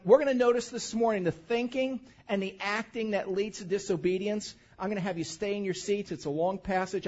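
Male pastor, high voice, enthusiastic sermon, emphatic scripture reading, slightly muffled recording. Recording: dull lo-fi sound.

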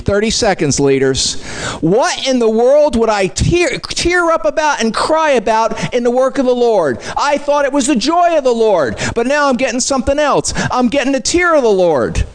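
A man's voice: very high voice, sing-song, moderate pace. A man leading a Bible study, teaching small groups in a playful, emphatic way. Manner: playful, emphatic, sudden shifts in volume.

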